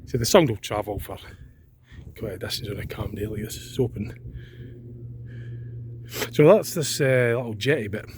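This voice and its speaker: A man's voice: fairly low pitch, normal speed, pauses often, a little mellow. A Scottish man vlogging outdoors by a reservoir on a cold day, rambling and thinking aloud with plenty of fillers. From Scotland. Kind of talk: casual walking vlog. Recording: outdoor camera audio with background noise.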